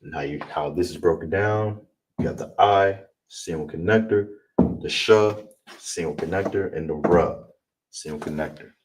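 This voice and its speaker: Deep-voiced man teaching, distant noisy mic. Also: moderate pace, darkish tone. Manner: repeats words, frequent "all right?". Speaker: language teacher. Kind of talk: online class lesson.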